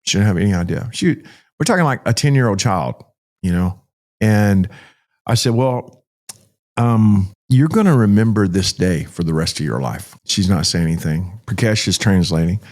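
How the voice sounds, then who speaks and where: A man's voice: low-pitched, expressive, normal speed, a little mellow. A middle-aged man, a pastor talking as a podcast guest, tells a story vividly, acting out the dialogue and repeating phrases for emphasis. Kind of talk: emotional storytelling in conversation.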